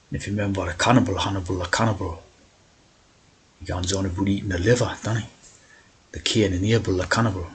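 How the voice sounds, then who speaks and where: A man's voice: low-pitched, breathy edge, rough recording. A man talking in a rambling monologue, tagging his points with "right?". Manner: meandering, keeps asking "right?". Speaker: video host.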